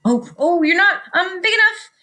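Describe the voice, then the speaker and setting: A woman's voice: mid-range voice, big pitch swings, slow pace, bright, forceful tone, heavily acted. A woman voicing a grouchy, bossy ladybug in a storybook read-aloud, picking fights and then backing down flustered.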